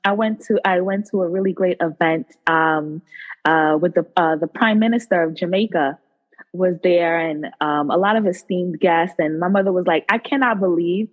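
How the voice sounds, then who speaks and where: A woman nurse turned cook, a podcast guest telling her story in an animated, casual way. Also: on the low side, moderate pace, phone-quality sound. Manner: animated storyteller who acts out quotes. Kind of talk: casual interview talk.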